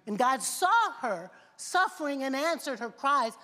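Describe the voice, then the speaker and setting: A woman's voice: high-pitched, big pitch swings, measured pace, pushed and bright. A woman preacher delivering a sermon in rhythmic, repeated phrases, asking the congregation questions. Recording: long reverb of a large hall.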